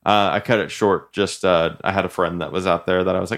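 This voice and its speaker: A young man from Illinois co-hosting a podcast, talking casually with many pauses and self-corrections. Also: sits low, steady tone, a bit bright. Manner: halting, self-correcting, chuckles often. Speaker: podcast co-host and musician. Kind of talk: casual chat.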